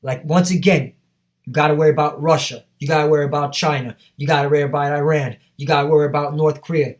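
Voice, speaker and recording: A man's voice: a little high, fairly even intonation, fast talker. A man preaching a fiery sermon, reading scripture aloud and driving points home with repeated "all right?" tags. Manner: emphatic, repetitive, with many tag questions.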